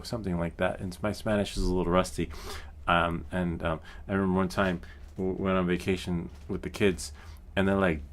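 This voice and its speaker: A man's voice: low voice, little pitch movement, moderate pace. A man hosting a drone channel, chatting casually with viewers in a rambling way, laughing often and trying out rusty Spanish. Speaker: FPV drone channel host. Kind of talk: casual livestream chat with viewers.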